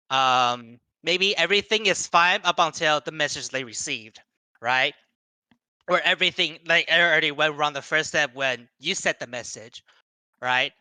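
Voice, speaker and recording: A man's voice: fairly high pitch, bright, forceful tone, clear, resonant tone, no room sound. A young man giving a casual seminar talk to young people, rambling with many fillers and restarts and acting out quoted voices. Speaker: seminar speaker.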